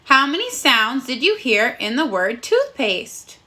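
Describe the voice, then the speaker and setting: A woman leads a phonics lesson for young children in a high, bright voice. She speaks slowly and clearly, sounding out words one by one. Her tone stays encouraging throughout. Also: sing-song. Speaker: first grade teacher.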